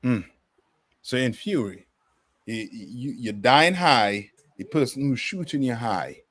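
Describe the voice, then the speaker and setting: A man's voice: mid-range voice, expressive, unhurried, a bit bright, no room sound. A man teaching a bible class in a preaching style, emphatic and full of rhetorical questions.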